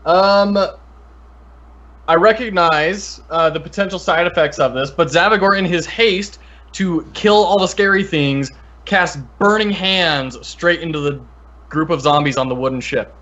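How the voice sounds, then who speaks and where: A man playing a tabletop game, eager and quick in bursts of rules talk. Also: a little high, fairly bright tone. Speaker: player. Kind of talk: casual tabletop game play. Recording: dull lo-fi mic.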